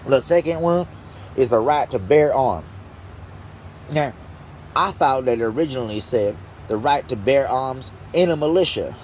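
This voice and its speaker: A man's voice: medium pitch, lively intonation, normal speed, a little mellow, slight background noise. Angry, swearing man ranting. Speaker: vlogger. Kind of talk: angry profane rant.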